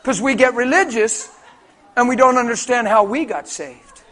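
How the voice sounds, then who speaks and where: A man with a rather high voice preaching to a congregation. His sermon is animated and colloquial, full of storytelling. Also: moderate pace, a faint crowd.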